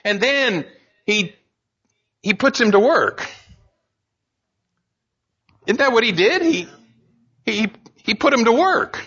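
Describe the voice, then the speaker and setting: Bright-voiced man preaching a lively sermon. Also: very high voice, slow pace, long pauses, slightly rough, lo-fi sound. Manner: animated, conversational preaching, repeats lines for emphasis. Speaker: pastor.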